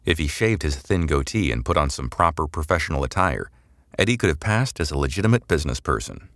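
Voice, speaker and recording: A male narrator reading a sci-fi serial aloud with an extremely low, deep voice. His delivery is measured and descriptive. The recording is dry, with no room sound. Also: animated, fairly bright tone, no echo. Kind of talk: scripted audiobook narration.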